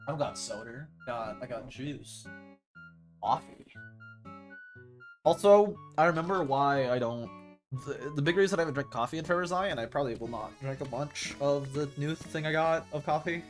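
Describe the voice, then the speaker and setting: A man's voice: a little high, lively intonation, moderate pace, soft background music. Rambling young man streaming a game. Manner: rambling, slangy, talks to chat while playing. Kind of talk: casual gaming stream chat.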